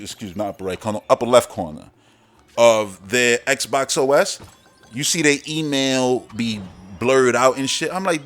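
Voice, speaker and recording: A man hosting a gaming channel, ranting in a brash, boastful, heavily profane casual monologue. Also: fairly high pitch.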